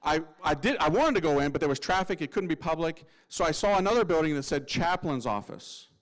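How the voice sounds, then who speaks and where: Lively, slangy male priest telling a story. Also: a little high, a little fast, low-quality recording. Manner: lively, slangy, acts out voices. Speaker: Catholic priest. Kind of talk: humorous storytelling testimony.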